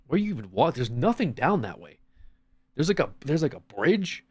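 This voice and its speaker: A man's voice: fairly high pitch, very animated, a little fast, breathy edge. A man streaming, chatting casually, swearing often and acting out little scenes. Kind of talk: casual chat.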